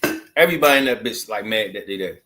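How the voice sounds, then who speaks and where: A man in his thirties, originally from Maryland, talks straight to the camera in a loose, casual storytelling monologue. His speech is slangy and full of asides, and his voice sits at an ordinary middle pitch. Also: animated, quick pace, noisy background. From Maryland, USA. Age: 30s. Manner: loose, slangy street talk with many asides. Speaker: vlogger.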